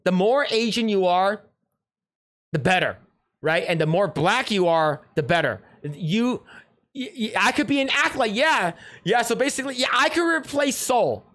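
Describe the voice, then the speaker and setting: A man's voice: sits high, animated, moderate pace, a bit bright. A man hosting a livestream, reacting to a clip in rambling, sarcastic casual chat with frequent restarts and swearing.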